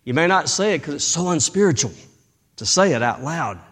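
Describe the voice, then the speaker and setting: A male pastor preaching a sermon dramatically, swinging between loud bursts and hushed tones. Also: fairly high pitch, expressive, a little fast.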